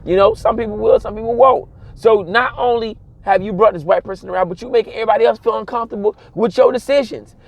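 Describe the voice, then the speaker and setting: A man, giving a casual, animated monologue and mimicking other people's voices along the way. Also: sits high, fast, vocal fry, hardly any pauses. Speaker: commentator.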